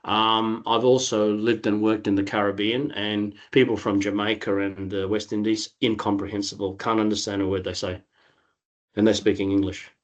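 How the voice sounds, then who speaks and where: A middle-aged man with an Australian accent, answering interview questions in a relaxed, rambling way with many restarts over a video call. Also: on the low side, normal speed, lo-fi sound. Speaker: interview guest. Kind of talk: casual conversational answers.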